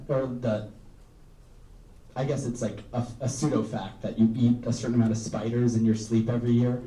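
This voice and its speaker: A man's voice: mid-range voice, level tone, normal speed, mellow. Rambling young male stand-up comic. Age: young adult. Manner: rambling, self-deprecating, full of "um" and "like". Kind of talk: stand-up comedy set. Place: live comedy room with audience. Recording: roomy, distant live recording.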